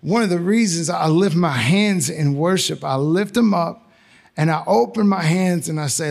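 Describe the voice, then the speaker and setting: A man's voice: on the high side, normal speed, creaky, a little mellow. A man preaching a sermon as pastor, earnest and conversational, with sudden emphatic rises.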